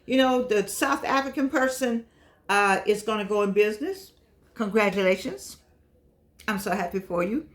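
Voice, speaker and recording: An older woman chatting casually to her viewers in a vlog, lively and affectionate, wandering from one aside to the next. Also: medium pitch, normal speed. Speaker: vlogger.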